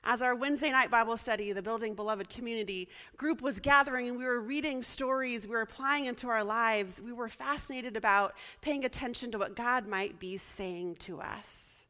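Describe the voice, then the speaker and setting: Woman pastor, chatty sermon, slightly high voice, bright tone, echoing hall. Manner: warm, chatty, spells words out slowly. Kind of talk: casual sermon.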